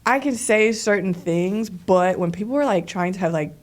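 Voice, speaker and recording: Casual woman guest, a dancer; talky and animated, acts out quotes, average pitch. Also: normal speed. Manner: chatty, many "like" fillers, animated quoting. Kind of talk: casual interview chat.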